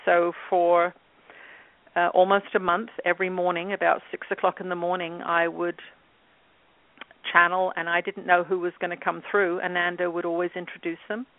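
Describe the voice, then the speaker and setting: A woman in her fifties from England, a guest telling her story in a relaxed interview with many fillers. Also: lowish voice, normal speed, no echo. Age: 50s. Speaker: guest, channel and author. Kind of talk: casual interview talk. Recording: tinny phone line.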